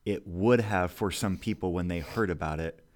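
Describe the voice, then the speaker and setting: A reflective man with a very low voice, co-hosting a casual conversation about faith. He speaks thoughtfully and often agrees with his partner. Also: moderate pace, darkish tone. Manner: reflective, agreeable, many brief affirmations. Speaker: podcast co-host. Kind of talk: casual theological discussion.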